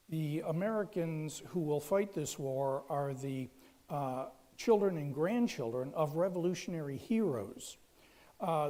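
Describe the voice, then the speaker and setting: Man lecturing history, slightly high voice, mellow tone, stop-start storytelling, long hall reverb. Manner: storytelling with frequent restarts and fillers.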